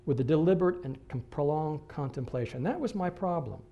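A male pastor preaching a sermon, telling a personal story in an animated way that swings between excited bursts and hushed moments. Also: fairly high pitch, a little fast, vocal fry, lo-fi sound.

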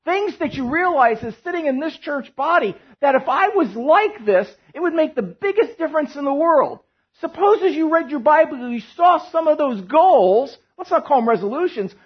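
A man preaching a sermon as pastor, animated and joking, telling stories to his church. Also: very high-pitched, moderate pace, few pauses, muffled recording. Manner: animated, joking storyteller who drops to a hushed tone in prayer.

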